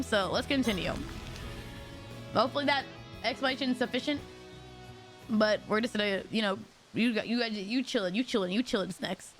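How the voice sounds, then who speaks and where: Young woman streamer, chatty and giggly, bright voice, lively swings, faint music underneath. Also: high-pitched. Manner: chatty, swears freely, giggly. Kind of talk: casual gaming commentary.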